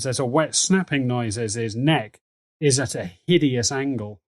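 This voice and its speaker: A man's voice: medium pitch, moderate pace, no room sound. Guy game-mastering a tabletop session, rambly and jokey, dry close mic. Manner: rambling, jokey, full of fillers.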